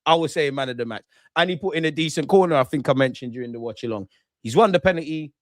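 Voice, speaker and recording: A young man hosts a football reaction stream, talking in slangy, animated bursts. His voice sits a little high and sounds close and dry on the mic. He swings between heated rants and calmer analysis of the match. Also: quick pace, dry recording. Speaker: football watchalong host. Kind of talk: casual post-match reaction.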